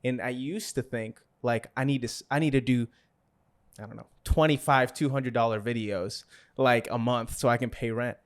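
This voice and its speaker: A man's voice: mid-range voice, fairly even intonation, moderate pace. A man hosting a podcast, talking in a loose, rambling way with lots of fillers and frequent laughs. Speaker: podcast host. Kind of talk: casual interview chat.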